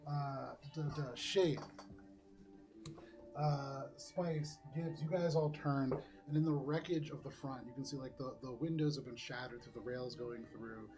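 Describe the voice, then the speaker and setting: In an unhurried, mid-range voice, a man narrates tabletop game scenes as game master, keeping things relaxed and using fillers.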